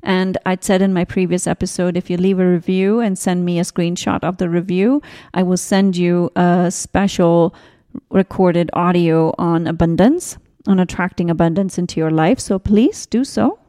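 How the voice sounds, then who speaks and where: A woman in her forties hosting a spiritual podcast, talking gently in a rambling way with tangents and restarts. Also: lowish voice, steady tone, normal speed. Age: 40s. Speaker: podcast host. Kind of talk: casual spiritual podcast talk.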